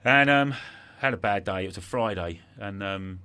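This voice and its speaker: A middle-aged man with a very deep voice that still comes across forceful and bright, speaking as a podcast guest. He tells an emotional story in a reflective way, often stumbling and repeating words when moved. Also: normal speed, clear, resonant tone.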